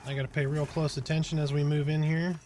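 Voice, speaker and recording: A man's voice: on the high side, quick pace, a little hiss or hum. Laid-back man chatting on a game stream. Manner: relaxed, chatty, reads and answers chat while focused on the game. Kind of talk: casual live-stream chat while playing.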